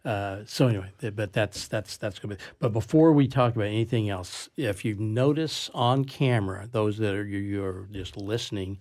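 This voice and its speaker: A man's voice: lowish voice, normal speed, few pauses, a little mellow. A man hosting a casual sports talk show, rambling with many restarts. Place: studio.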